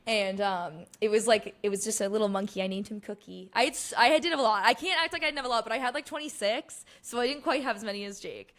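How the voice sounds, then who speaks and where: A young woman hosting a podcast in casual chat, animated and laughing often, slipping into quoted voices. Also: a little high, fast talker, hardly any pauses. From Boston area. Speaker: podcast host.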